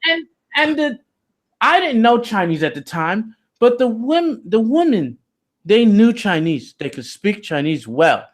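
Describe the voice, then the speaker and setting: A man's voice: high voice, sing-song, a little slow. A man being interviewed, telling a story in loose, slangy, profane casual talk with lots of "you know". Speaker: interview guest.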